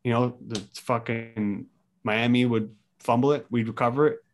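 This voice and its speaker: A man co-hosting a podcast, chatting loosely and getting louder when worked up. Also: mid-range voice, fairly even intonation, moderate pace. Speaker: podcast co-host. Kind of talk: casual chat.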